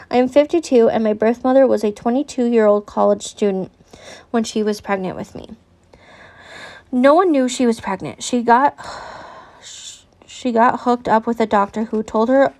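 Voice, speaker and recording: Woman reading aloud with vocal fry. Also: a little high, darkish tone. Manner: earnest, stops to react candidly. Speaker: adoptee reading a book aloud. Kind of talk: reading letters aloud with personal commentary.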